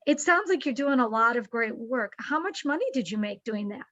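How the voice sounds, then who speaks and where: A woman guest on a podcast, telling stories about her work and acting out quoted dialogue with lively shifts in pace. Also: on the high side, moderate pace, no room sound. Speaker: nonprofit executive, guest. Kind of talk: animated podcast storytelling. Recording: dull dry podcast audio.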